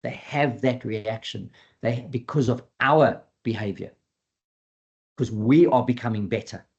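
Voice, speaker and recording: A man's voice: medium pitch, unhurried, muffled recording. A man who trains dogs giving an earnest educational webinar talk, repeating his key points and acting out quoted dialogue. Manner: acts out quoted dialogue in a lively voice. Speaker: dog behavior trainer.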